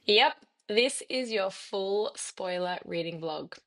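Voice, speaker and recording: A woman's voice: mid-range voice, animated, slow pace, fairly bright tone. Upbeat woman co-hosting a book vlog. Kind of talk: scripted vlog intro.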